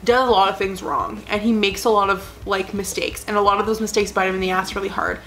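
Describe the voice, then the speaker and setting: A young adult woman vlogs in casual chat, her mid-range voice level, quick and a bit bright. She rambles earnestly and emotionally, gushing and filling her speech with "like."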